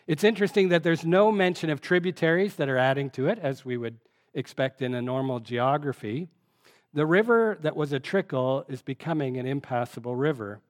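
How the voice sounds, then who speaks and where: A man's voice: fairly high pitch, fairly quick. A man preaching a teaching sermon, reading scripture aloud and talking with the congregation in a conversational way.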